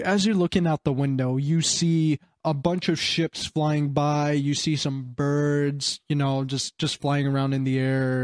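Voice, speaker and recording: Excitable young man retelling a game. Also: fairly high pitch, dry recording, studio quality. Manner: excitable, rambling, acts out quotes. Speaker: game master. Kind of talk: casual chat, retelling a game session.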